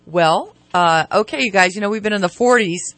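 A woman's voice: mid-range voice, moderate pace, a bit bright, no echo. A woman co-hosting a morning radio show, chatting through the weather and local news with many fillers. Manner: chatty, hesitant, many fillers, laughs often. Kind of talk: casual morning radio chat.

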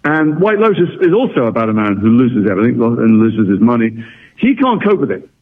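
A middle-aged English actor from England, talking reflectively and wryly as a radio interview guest. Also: male voice, medium pitch, very animated, fairly quick. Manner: reflective, articulate, wry. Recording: phone-like radio line.

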